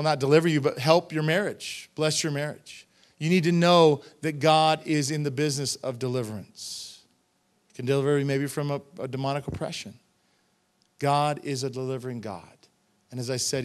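Middle-aged male pastor, slightly high voice, emphatic verse-by-verse preaching with casual asides to the congregation. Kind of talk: expository sermon reading scripture with commentary. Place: church sanctuary.

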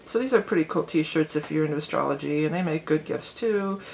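A woman's voice: low-pitched, a little fast, creaky, a little mellow, a little hiss or hum. A middle-aged woman hosting an astrology channel, chatting casually and rambling with lots of "you know". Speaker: psychic astrology channel host.

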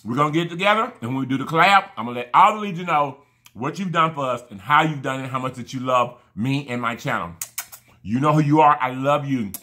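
A man's voice: medium pitch, fast, sharp tone. A man chatting casually to camera while eating, effusive and rambling, thanking his viewers again and again. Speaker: mukbang vlogger.

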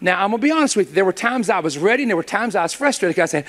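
A man preaching a sermon to a church congregation, telling stories with jokes and quick asides to his listeners. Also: sits high. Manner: animated, joking storyteller with quick asides; speaks directly to the audience.

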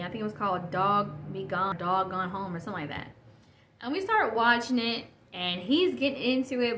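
Woman rambling on her podcast, mid pitch, roomy echo, little hiss behind. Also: sharp tone. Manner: rambling, self-correcting, chatty. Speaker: podcast host. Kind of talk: casual solo podcast talk. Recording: echoey room with faint noise.

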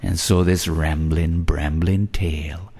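A man narrating a whimsical story full of playful wordplay, in a measured delivery. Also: rumbling low, fairly even intonation, a little mellow, breathy edge.

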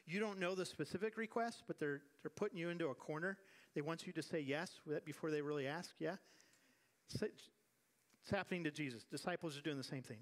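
Animated male pastor preaching a sermon. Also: on the high side, brisk. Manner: animated preaching with acted-out quotes and repeated refrains. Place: church sanctuary.

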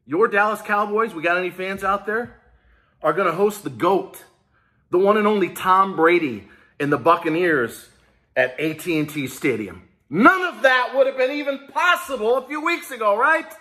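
Hyped high-voiced man vlogging. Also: animated, moderate pace, bright, forceful tone. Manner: hyped, rallying, talks straight to viewers. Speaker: small business video host. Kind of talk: casual emotional vlog.

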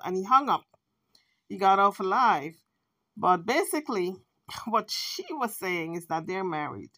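A woman hosts a casual commentary vlog, speaking in a chatty, speculating way. Her voice sits at a middle pitch. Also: animated, a little slow, bright, forceful tone. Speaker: commentary channel host.

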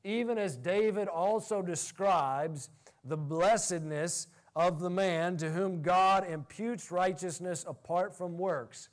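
A male pastor preaching a sermon in an animated way, laughing often as he talks. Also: high-pitched, slow.

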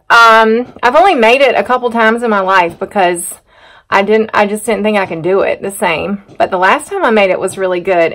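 A drawling middle-aged woman from North Carolina, her mid-range voice fairly bright, gives a casual vlog chat to the camera. She goes on easily and at length, drifting into side stories and teasing herself, as she moves from a muddy farm outdoors into a home kitchen.

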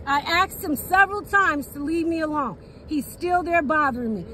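A woman with a very high voice confronts officers outdoors at night, filming on her phone. She repeats herself and swears, with faint street noise and passing cars around her. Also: moderate pace, pushed and bright. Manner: angry, repetitive, profane. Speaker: citizen recording a police encounter. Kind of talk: angry confrontation filmed on a phone. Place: outdoors in a parked car at night.

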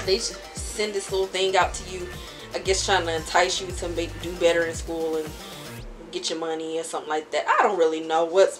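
A young woman vlogging at home, telling rambling stories while doing her makeup. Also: lowish voice. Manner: chatty, rambling storytelling with frequent laughs. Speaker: beauty vlogger.

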